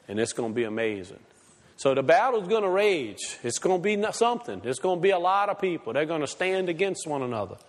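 A man preaching a sermon, swinging from fired-up, high exclamations to low, quiet asides. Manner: impassioned, swings from shouting highs to low asides. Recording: long hall reverb.

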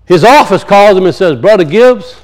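A man preaching a sermon and telling stories, swinging from loud high peaks to low muttered asides. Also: expressive, moderate pace, low-quality recording. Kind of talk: sermon with storytelling.

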